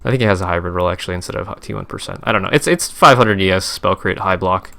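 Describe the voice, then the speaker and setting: A man's voice: sits low, fast talker, vocal fry, bright, forceful tone. A young man, a streamer, casually recapping his game trades in a rambling, profane, self-correcting way.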